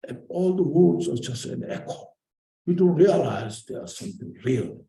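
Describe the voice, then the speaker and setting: A man giving a Buddhist dharma teaching in short, halting phrases, often repeating words. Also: a little high, expressive, creaky, mellow, echoey room, low-quality recording.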